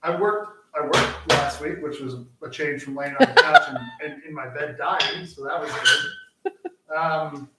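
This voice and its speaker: A man co-hosts a live cooking show, chatting casually as he cooks and rambling with plenty of fillers and restarts. His voice sits a little high and moves a little slowly. The recording sounds roomy, with a distant mic and faint noise.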